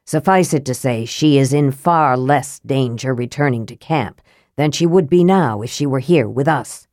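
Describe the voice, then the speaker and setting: A cool, calculating young wizard who speaks in flat, measured sentences, as a woman voices him. His voice sits low and even, recorded close and dry like an audiobook read. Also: dry recording.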